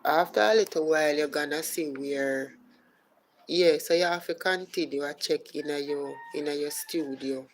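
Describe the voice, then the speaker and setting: A woman with a Jamaican accent hosting a live podcast, explaining steps at a relaxed pace and greeting viewers by name. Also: deep voice, normal speed, slight background noise, rough recording. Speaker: podcast host. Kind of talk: casual live-stream chat.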